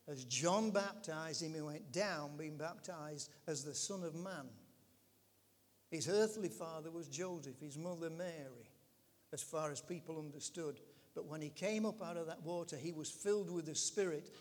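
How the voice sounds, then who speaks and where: Male pastor, high-pitched and unhurried, emphatic preaching, long reverb of a large room. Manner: emphatic preaching with call-outs to the congregation. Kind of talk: sermon. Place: church with a gathered congregation.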